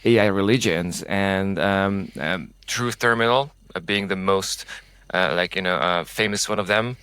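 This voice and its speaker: A man's voice: sits low, measured pace, pushed and bright, clean tone, no room sound. A man hosting an interview in a casual way, full of "like" and "you know" fillers, over a video call. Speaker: podcast host. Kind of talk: conversational interview.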